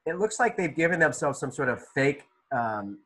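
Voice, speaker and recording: A man's voice: fairly high pitch, sing-song, moderate pace, a bit bright, rough recording. A male art teacher leading an online class discussion, asking students questions by name, with loose, restart-filled phrasing. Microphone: video call.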